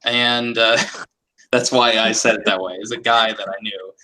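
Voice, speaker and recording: Guy on a podcast panel, bright forceful voice, swears a lot, rambles through stories. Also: fairly low pitch, steady tone, moderate pace, rough recording. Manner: profane, rambling storyteller. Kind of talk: casual chat.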